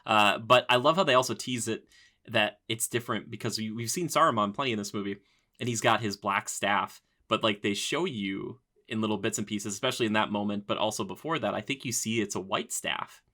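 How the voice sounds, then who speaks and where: Bright-voiced man chatting about a movie. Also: lowish voice, a little fast. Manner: animated, acts out movie characters' lines in quotes. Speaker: podcast host. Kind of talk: casual movie discussion.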